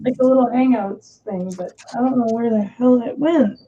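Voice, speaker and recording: Woman, chatty, laughs a lot, slightly high voice, dull lo-fi stream sound. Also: normal speed, noisy background. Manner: laughs often, chatty storytelling. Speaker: stream co-host. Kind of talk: casual chat on a live stream.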